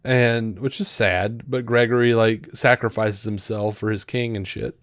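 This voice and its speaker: A man co-hosting a podcast in casual chat. He rambles with many fillers and restarts, and retells scenes with animated quoted lines. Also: lowish voice, unhurried, dry recording, clean studio sound. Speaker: podcast co-host.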